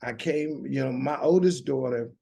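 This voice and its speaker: A man's voice: medium pitch, moderate pace, gravelly, warm tone, slightly rough. A middle-aged man with a Southern American drawl, telling his story earnestly as a guest on an interview show. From United States. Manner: earnest, with many restarts. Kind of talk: conversational storytelling.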